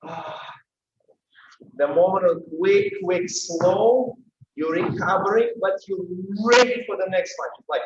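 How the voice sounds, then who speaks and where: Hoarse Russian-accented dance teacher, echoey studio. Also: male voice, high voice, slow, noisy background. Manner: calls counts and rhythms loudly, coaching with urgency. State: losing his voice. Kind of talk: dance class instruction. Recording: dull echoey room sound from a distance.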